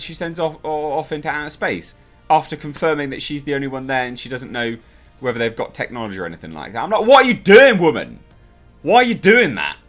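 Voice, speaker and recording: A man's voice: fairly high pitch, fairly bright tone. Exasperated man ranting. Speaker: TV episode reviewer. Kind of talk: casual spoken review.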